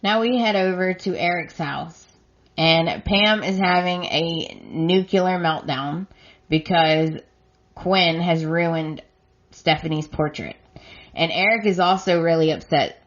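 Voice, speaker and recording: Slow, low-voiced woman recapping episodes. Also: dull audio. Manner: plain retelling that reads out quoted lines. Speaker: podcast host. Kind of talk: soap opera episode recap.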